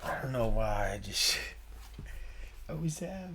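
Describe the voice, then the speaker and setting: A man's voice: mid-range voice, sing-song, unhurried, noisy background. Rambling folksy man on a livestream. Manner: folksy and meandering, mixes faith talk with swearing; swings from quiet asides to sudden loud outbursts. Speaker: livestream host. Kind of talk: rambling casual livestream talk.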